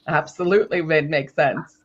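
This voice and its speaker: A woman's voice: low voice, a little slow, dull audio. A woman co-hosting a casual writing-sprint stream, chatting and musing aloud with frequent laughs. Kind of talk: casual group chat on a livestream.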